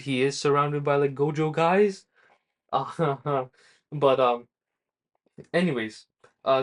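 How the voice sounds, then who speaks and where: A man casually recapping a manga chapter for his review channel, rambling with many fillers and self-corrections. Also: mid-range voice.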